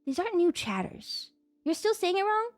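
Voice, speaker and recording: A woman streamer in casual live-stream chat, excitable and chatty, sometimes swearing at her chat over a desk mic. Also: extremely high pitch, normal speed, no room sound, faint music behind.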